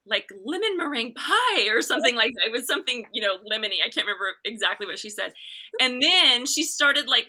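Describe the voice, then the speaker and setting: A middle-aged woman, a podcast guest, chatting and telling a story in a lively, animated way with restarts and laughter. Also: a little high. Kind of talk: casual storytelling chat.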